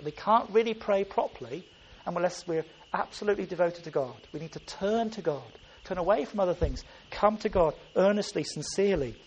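A man's voice: sits high, animated, fairly quick, dull audio, a little hiss or hum. A man preaching a sermon, earnest and emphatic, often restarting his phrases.

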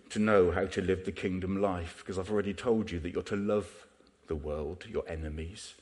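A man preaching in a chatty, conversational way, tossing rhetorical questions at his listeners. His voice sits a little low, and it rises and falls as he makes each point. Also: a little mellow. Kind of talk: sermon.

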